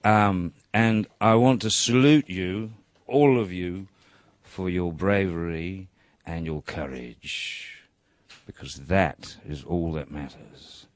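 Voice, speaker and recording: An actor doing a cheeky rogue. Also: male voice, low-pitched, takes it slowly, no room sound. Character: roguish light-fingered man, cheeky and rambling. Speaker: actor staying in character.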